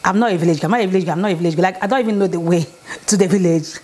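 A woman's voice: lowish voice, very fast, warm tone. A woman, talking casually to camera at home, chatty and emphatic, repeating her points and checking in with "okay?". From Nigeria. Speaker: vlogger. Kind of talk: casual relationship advice talk. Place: home, indoors.

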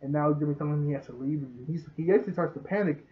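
A chatty man recaps a show, laughing often and breaking into bits of acted dialogue. His voice sits a little higher than average. The sound is thin and tinny, like a phone line. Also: racing, slight background noise. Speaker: show reviewer. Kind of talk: casual recap.

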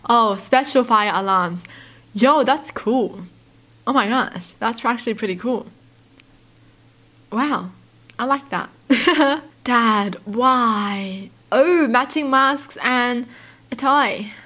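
Young female vlogger, slightly high voice, giggly and animated reaction commentary. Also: slow pace, pauses often. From Australia. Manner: giggly, animated, squeals in disbelief. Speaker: YouTuber reacting to tweets.

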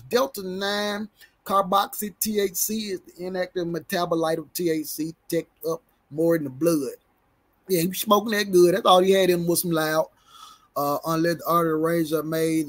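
A man's voice: a little high, fairly bright tone. A man giving casual, slangy commentary, stumbling over big words as he reads a report aloud and jokes with his viewers. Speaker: reaction commentator.

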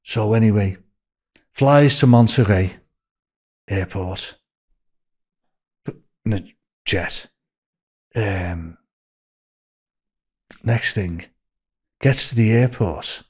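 A man in his sixties from Liverpool with a Scouse accent, a podcast guest telling a story in an animated way, acting out what people said. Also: lowish voice, extremely slow, pauses often, slightly rough. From Liverpool, England. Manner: animated, acts out quoted speech in a raised voice. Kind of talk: anecdotal storytelling.

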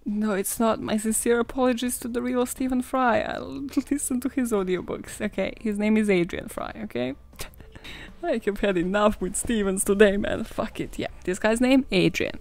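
A woman's voice: mid-range voice, creaky. A young woman hosting a true crime podcast, sarcastic and swearing freely, laughing at her own jokes. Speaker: podcast host.

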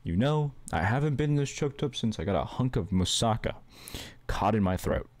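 A man's voice: medium pitch, lively intonation, a little mellow, dry recording, voice pushed up, natural voice. A man voicing a smug, scheming male god of the underworld, full of sarcastic quips. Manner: sarcastic, fast-talking wisecracks.

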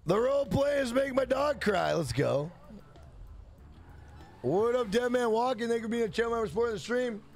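A man's voice: very high voice, expressive, normal speed, pauses often, soft background music. A man chatting casually on a game live stream, rambling and swearing. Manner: profane, rambling banter.

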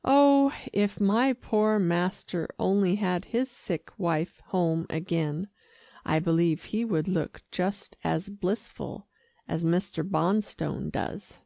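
A woman narrating an audiobook, reading slowly and carefully in a low voice with a gravelly texture. The recording is close and dry, with no room sound. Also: warm tone, no echo. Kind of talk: scripted narration.

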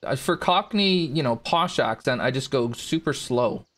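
A man's voice: mid-range voice, lively intonation, normal speed, fairly bright tone. A man casually commentating his golf video game play, reacting to shots and talking to viewers in chat. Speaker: gaming streamer.

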